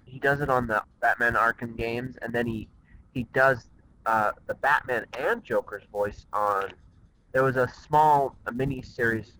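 A man co-hosting a podcast in casual chat, excitable and giggly, talking on a cell phone. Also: medium pitch, moderate pace, slight background noise, low-quality recording. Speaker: podcast co-host.

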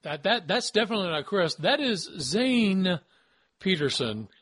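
A man's voice: high voice, very animated, unhurried, a bit bright. A man hosting a wrestling podcast, talking in a casual, joking way and stammering now and then. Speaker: podcast host. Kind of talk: casual chat.

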